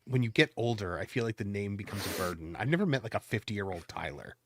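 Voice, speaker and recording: A man's voice: fairly low pitch, expressive, fast talker, noisy background. A man guesting on a casual podcast, making wry, jokey asides. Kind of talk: casual chat.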